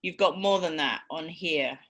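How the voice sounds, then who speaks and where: A woman's voice: sits low, moderate pace, a bit bright, muffled recording. A woman with a British accent giving a university lecture, patiently explaining with frequent ums and okays. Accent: British English.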